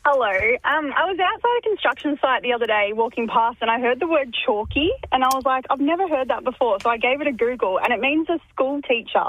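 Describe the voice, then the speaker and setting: A woman's voice: high voice, expressive, fast talker, hardly any pauses, dry recording. A woman calling in to a radio show, chatty as she tells a short story. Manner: chatty, recounting. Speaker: caller. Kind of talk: phone-in chat. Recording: dull phone line.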